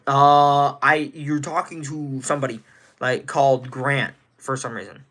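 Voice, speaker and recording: A man's voice: medium pitch, steady tone, measured pace, bright, forceful tone. A nineteen-year-old man from Indiana, livestreaming casually, rambling and greeting viewers in chat by name. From Indiana, USA. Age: teens.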